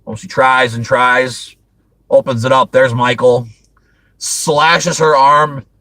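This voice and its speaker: A man's voice: medium pitch, fairly even intonation, takes it slowly, sharp tone, dry recording, low-quality recording. A man hosting a casual movie review chat, rambling with frequent restarts and laughing often. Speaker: host.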